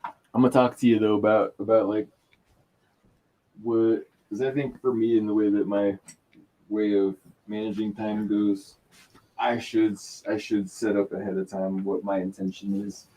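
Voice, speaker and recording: A man's voice: on the low side, level tone, moderate pace, warm tone. A man chatting casually as a guest on a livestream, opinionated and talkative, often restarting his sentences. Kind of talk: casual chat.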